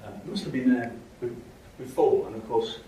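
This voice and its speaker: A middle-aged man with a warm, mid-range voice speaks at a moderate pace while lecturing on linguistics at a university, hesitant and full of ums and restarts. The distant room mic makes the lecture hall sound echoey and far away, with slight background noise.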